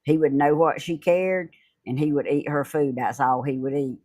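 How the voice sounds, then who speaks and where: A woman's voice: deep voice, normal speed, darkish tone. A middle-aged woman hosting a home video, chatting casually and laughing often. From Georgia. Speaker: YouTube host. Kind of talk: casual chat.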